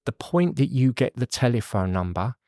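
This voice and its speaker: A man's voice: mid-range voice, big pitch swings, moderate pace, darkish tone, dry recording, clean studio sound. A middle-aged man, a podcast guest telling his recovery story in a rambling, candid way with fillers and swearing.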